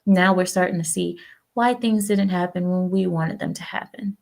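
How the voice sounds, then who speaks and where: Female streamer host, rambling and outspoken, gravelly edge. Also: fairly low pitch, moderate pace. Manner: chatty, rambling, opinionated, talks back to chat. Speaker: livestream host. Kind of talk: casual political chat with viewers.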